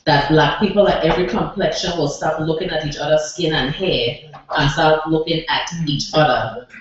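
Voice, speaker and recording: A woman with a Virgin Islands accent performing her own spoken word poem, addressing the listener forcefully at a cafe open mic. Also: low voice, normal speed. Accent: Virgin Islands Creole English. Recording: echoey room, distant lo-fi mic, noise.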